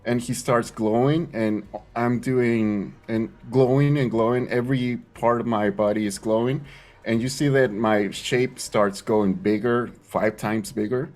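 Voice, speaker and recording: Slow-talking excitable game player man. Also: mid-range voice. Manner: excitable, swearing, gets emotional. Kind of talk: tabletop game play, describing actions.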